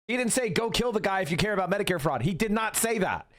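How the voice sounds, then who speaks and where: A man's voice: sits high, expressive, fast, a bit bright, no echo, clean studio sound. A young man streaming, ranting emphatically and profanely and answering chat. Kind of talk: casual livestream commentary.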